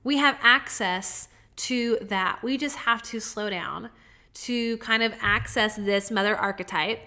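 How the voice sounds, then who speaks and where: A woman hosting a self-help podcast, speaking softly and earnestly, with slow stretched words. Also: on the high side. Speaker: podcast host.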